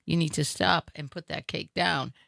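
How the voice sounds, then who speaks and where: A woman's voice: low-pitched, fairly even intonation, normal speed, vocal fry, fairly bright tone, no room sound, studio quality. A woman hosting a comedy talk show, chatting in a joking, blunt way. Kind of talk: casual comedic chat.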